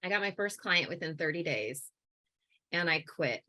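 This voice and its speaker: A woman in her thirties, a guest in an interview, telling her story in an animated way with many fillers. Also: fairly low pitch, normal speed. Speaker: guest, coaching business owner. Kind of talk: casual interview.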